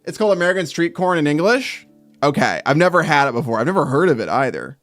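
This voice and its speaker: A man streaming while he draws, reading viewer comments aloud and breaking into loud mock outrage with swearing. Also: on the high side, big pitch swings, fast talker, no room sound, soft background music. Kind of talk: casual live-stream chat while drawing.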